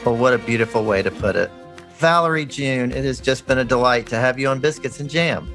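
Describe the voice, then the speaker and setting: A male podcast host asking questions and reading a polished, measured closing outro. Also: mid-range voice, fairly bright tone. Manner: polished, measured announcer delivery. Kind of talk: interview and scripted outro. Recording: music bed under voice.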